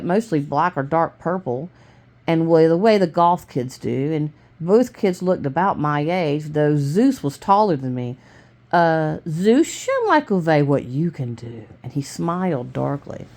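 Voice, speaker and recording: A woman reading a novel aloud at home in a dark room, with frequent restarts and self-corrections and little change of voice for the characters. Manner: low-key, mostly plain voice for the characters. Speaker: reader of a novel.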